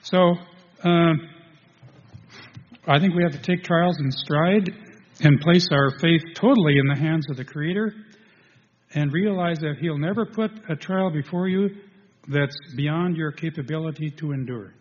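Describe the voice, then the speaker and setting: A man preaching a sermon to a congregation, halting, restarting, and filling pauses as he goes. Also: fairly high pitch. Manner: halting, with many restarts and fillers. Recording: dull lo-fi sound in a reverberant hall.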